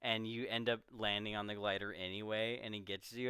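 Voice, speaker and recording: Smooth low-voiced man recapping a film. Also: a little fast, no room sound, clean studio sound. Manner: animated storytelling, jumps into quoting characters. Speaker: podcast co-host. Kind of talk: casual chat recapping a film.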